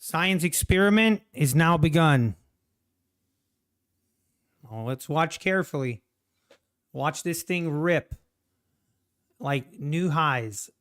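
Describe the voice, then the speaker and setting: Excitable man trading live on stream. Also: a little high, slow pace, pauses often, clean tone. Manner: excitable, jokey, exclaims at the screen. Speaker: day trader streaming live. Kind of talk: casual live commentary.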